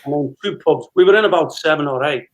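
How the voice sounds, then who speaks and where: Speaking fast at a fairly high pitch, a fifties-aged male guest chats his way through a lengthy anecdote. He re-enacts conversations and laughs along, and the recording sounds muffled.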